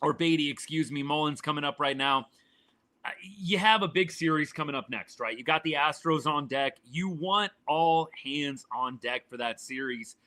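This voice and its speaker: A man's voice: a little high, normal speed, pushed and bright. A man hosting a live sports reaction stream, talking to his chat in a fired-up, exasperated way and repeating his points.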